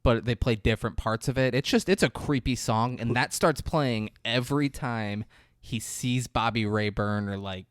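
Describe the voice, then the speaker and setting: In a clean studio recording with no room sound, a man with a medium-pitched voice speaks at normal speed as a podcast co-host. He recaps a film in casual chat, animatedly retelling it and acting out the characters' lines.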